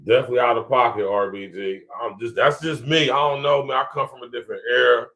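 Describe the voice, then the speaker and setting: Quick-paced and a bit bright, this male podcast host speaks at a medium pitch with fairly even intonation. With a Columbus, Ohio accent, he offers laid-back, casual commentary to his live viewers and chuckles a lot.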